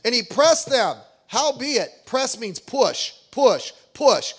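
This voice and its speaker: Middle-aged male pastor, high voice, animated sermon delivery with acted-out quotes. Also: slow pace, few pauses, breathy edge. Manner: animated, acts out quoted voices, reads scripture aloud.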